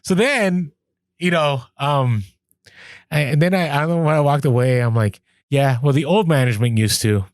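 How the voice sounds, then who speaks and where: A man co-hosting a podcast, telling a story in casual chat, animated, laughing as he goes and acting out what people said. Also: a little high, moderate pace, no echo, clean studio sound. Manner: animated, laughs through stories, acts out quoted lines. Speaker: podcast co-host.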